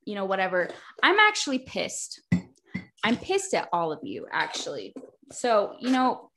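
A young adult woman co-hosting a casual book podcast, ranting and swearing as she recaps and reads quotes dramatically. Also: mid-range voice. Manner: profane, ranting, dramatic read-aloud of quotes. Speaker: podcast co-host.

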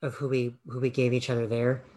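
A man's voice: mid-range voice, completely flat delivery, brisk, warm tone. A man co-hosting a podcast over a video call, thinking aloud and muttering to himself as he chats. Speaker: podcast co-host. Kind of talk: casual chat.

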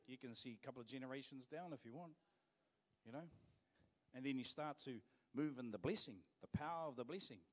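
A male pastor with a New Zealand accent delivers a sermon. He talks to the congregation in a loose, conversational way and hammers points home by repeating his phrases. His mid-range voice carries a long reverb from a church auditorium. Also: mid-range voice.

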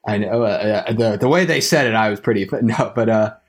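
A young man co-hosting a casual podcast, recounting a trip in a halting, wry way with frequent small laughs. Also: on the low side. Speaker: podcast co-host, trip returnee.

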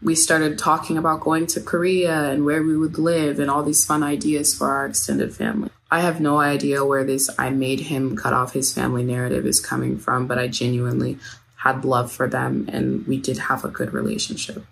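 A woman with a notably low voice reads a personal statement aloud in a measured, steady way. A faint hiss sits under the recording. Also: creaky. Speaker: narrator of a personal account. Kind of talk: read first-person statement.

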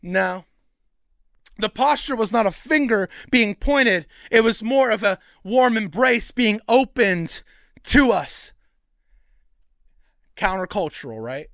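A young man preaching a sermon in a casual, energetic way, with slangy asides and passages that build up to shouting. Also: high-pitched, takes it slowly, pauses often, dry recording, studio quality.

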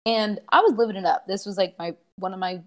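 A woman's voice: mid-range voice, fast talker. A woman in her twenties telling a story in casual chat with friends, acting out what people said with big swings in her voice. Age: 20s.

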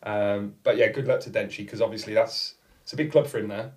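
A man on a football podcast, swearing freely and telling a lively story in casual chat. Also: lowish voice, a little fast, recorded from a distance. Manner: swears a lot, animated anecdotes. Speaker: podcast co-host.

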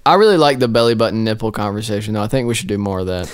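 A man's voice: fairly low pitch, expressive, very fast, smooth. A young man co-hosting a podcast in casual chat, joking, rambling and laughing often. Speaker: podcast co-host.

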